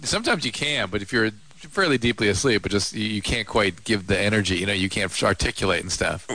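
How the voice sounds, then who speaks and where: A middle-aged man co-hosting a radio show as the doctor, calm and explanatory, laughing easily. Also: fairly low pitch, quick pace, a little hiss or hum. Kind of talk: casual late-night radio banter.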